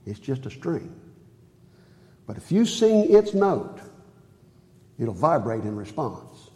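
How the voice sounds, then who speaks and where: A man preaching a sermon in a church, earnest, swinging from high emphatic phrases to low quiet ones. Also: big pitch swings, slow, big-room sound, slight background noise. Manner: earnest, rises high on key phrases and drops low on others.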